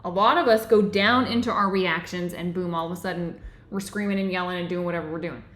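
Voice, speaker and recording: A woman's voice: lowish voice, fast, a bit bright. Earnest woman teaching, echoey room. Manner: earnest, repeats "right?" often. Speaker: book club host and yoga teacher. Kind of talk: teaching a live online book club.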